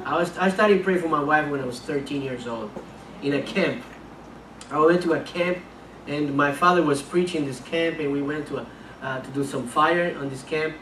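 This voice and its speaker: Man, missionary preacher, earnest, repeats words, slightly high voice, echoey church, distant mic. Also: moderate pace, fairly bright tone, slight background noise. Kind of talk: sermon with a personal story. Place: church sanctuary.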